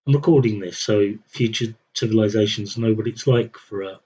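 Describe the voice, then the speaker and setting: Husky man, wry stream chat. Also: on the low side, moderate pace, hardly any pauses, mellow, muffled recording. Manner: wry, self-mocking, chatting to himself. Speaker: game streamer. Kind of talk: rambling live-stream commentary.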